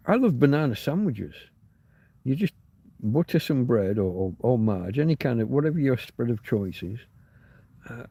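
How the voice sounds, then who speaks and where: A man's voice: medium pitch, mellow, no room sound. A man hosting a casual livestream, chatting in a rambling, digressive way and often restarting his sentences. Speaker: livestream host. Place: home in coastal Spain.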